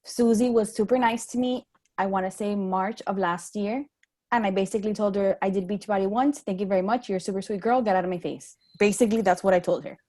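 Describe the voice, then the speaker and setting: A woman's voice: mid-range voice, fast talker, warm tone. A woman on a team call telling a candid personal story, acting out the voices she quotes. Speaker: team member.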